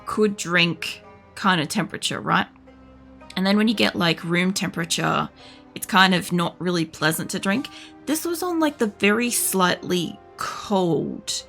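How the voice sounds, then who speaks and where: A young woman with an Australian accent talks loosely over her gameplay, with a slightly gravelly, creaky edge to her voice. She rambles and drifts between thoughts, piling on filler words. Soft music plays faintly underneath. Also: medium pitch. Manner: rambling, filler-heavy storytelling with swearing. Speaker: streamer. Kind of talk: casual gaming commentary.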